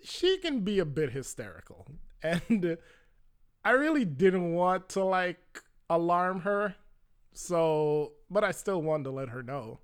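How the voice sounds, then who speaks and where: Young male storyteller, slightly high voice, casual and chatty, fills gaps with filler words. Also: sing-song, slow pace, clear, resonant tone. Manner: conversational, lots of "like" fillers, acts out quoted voices.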